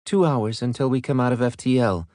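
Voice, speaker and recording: A man's voice: mid-range voice, fairly quick, a little mellow, dry recording, clean studio sound, voice pushed up, natural voice. A man voicing a stern woman naval commodore in an audiobook, formal and insistent. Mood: earnest.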